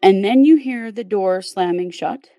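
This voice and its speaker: A woman's voice: mid-range voice, unhurried, mellow, no room sound. A woman hosting a podcast, telling a true crime case in a casual, step-by-step way with fillers. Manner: conversational, recounts events step by step with fillers.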